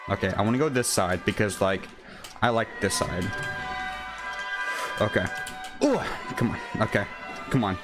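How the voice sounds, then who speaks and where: A young man commentating a video game as he plays it, excitable and quick to yell when he fails. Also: lowish voice, music in the background. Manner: excitable, yells and whines when failing. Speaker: gaming channel host. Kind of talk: live gameplay commentary.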